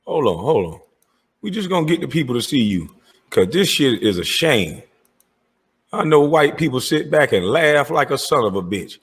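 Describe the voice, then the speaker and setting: A man's voice: mid-range voice, very animated, normal speed, breathy edge. A man delivering a heated, profane rant, confronting and calling out rivals by name. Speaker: online commentator.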